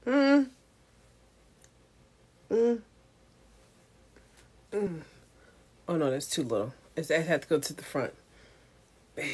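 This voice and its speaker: A woman's voice: sits low, sing-song, slow pace, pauses often, a little mellow, breathy edge. A woman content creator chatting casually to camera, giggly and self-mocking. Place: home setup with ring light.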